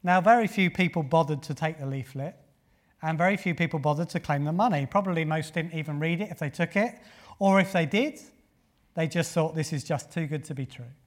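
A man delivering a sermon in a slightly high-pitched voice. He speaks earnestly, puts rhetorical questions to his listeners and presses his key points with rising force. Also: a little fast. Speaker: preacher.

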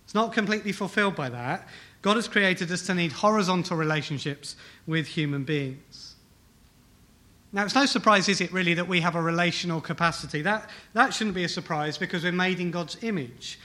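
A man's voice: high voice, brisk, bright, forceful tone. A man preaching a sermon to a congregation, emphatic, repeating key phrases and asking rhetorical questions. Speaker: pastor. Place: church hall with congregation.

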